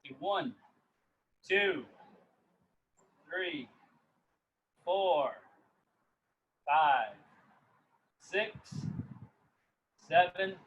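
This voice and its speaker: A man coaching a live swim-band workout, explaining each set calmly and counting reps aloud. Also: sits high. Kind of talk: guiding a live workout session.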